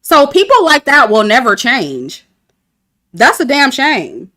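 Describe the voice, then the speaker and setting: Lively, bright-voiced woman ranting casually. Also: high-pitched, slow. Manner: candid, laughs often, talks to chat. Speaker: reality TV commentator. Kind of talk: casual review livestream.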